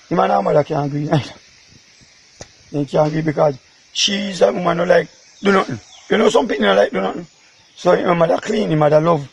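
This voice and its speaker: A Jamaican father tells an interviewer how his daughter went missing, rambling emotionally in patois. His voice is a little high and husky, with vocal fry.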